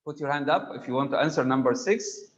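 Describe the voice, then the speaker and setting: A man's voice: mid-range voice, fast, muffled recording. A man teaching a grammar class online, patiently prompting students by name for answers.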